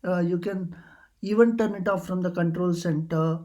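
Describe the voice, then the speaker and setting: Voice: mid-range voice, fairly even intonation, normal speed, warm tone. A tutorial host casually walking through computer settings, hesitant and full of uh fillers and restarts. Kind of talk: casual screen-recording walkthrough.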